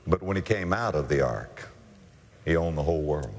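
A man's voice: very deep voice, lively intonation, moderate pace, slight background noise. A man preaching an evangelistic sermon with passion, telling a story and acting out its characters. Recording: long hall reverb.

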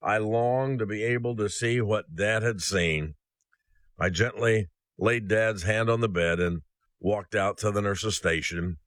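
A man's voice: lowish voice, a bit bright, no room sound. A man hosting a ministry podcast. He reads a personal story aloud, then gives an earnest devotional message that addresses listeners as brothers and sisters.

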